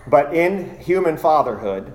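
A man teaching a sermon-style Bible study, emphatic, stressing and repeating key words slowly. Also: fairly high pitch, expressive, a little mellow, a little hiss or hum.

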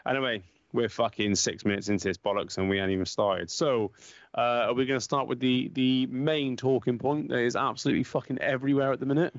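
A young man co-hosting a casual football podcast, swearing freely and telling animated stories full of banter. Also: medium pitch, fast talker, no echo, highs cut off. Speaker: podcast co-host.

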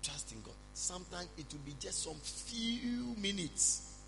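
A man preaching a sermon, speaking calmly and reassuringly to his congregation. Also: high-pitched, measured pace, gravelly, background noise. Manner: preaching, shifts from loud prayer to calm counsel. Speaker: pastor.

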